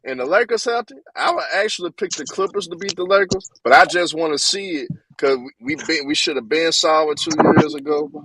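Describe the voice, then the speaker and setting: Man, slightly higher voice, slangy, emphatic sports co-host. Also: brisk, few pauses, a bit bright, a little hiss or hum, rough recording. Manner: emphatic, repeats points, slangy. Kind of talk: casual sports debate.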